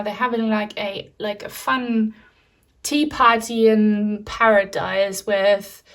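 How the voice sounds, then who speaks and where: A woman reading tarot cards for viewers, speaking in a gentle, reassuring and chatty way. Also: fairly high pitch. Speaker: tarot reader.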